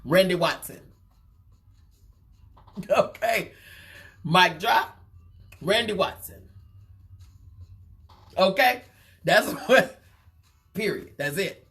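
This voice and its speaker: A woman's voice: fairly low pitch, animated, very slow, pauses often, a bit bright. A woman hosting a live gossip show, teasing and laughing often, repeating phrases and calling out "child" and "baby" as she comments. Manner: repeats and draws out phrases for effect.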